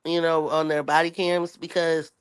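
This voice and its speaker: Co-host, mid pitch, reflective, hesitant, casual discussion. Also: flat delivery, moderate pace, smooth, no room sound. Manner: reflective, hesitant, restarts sentences.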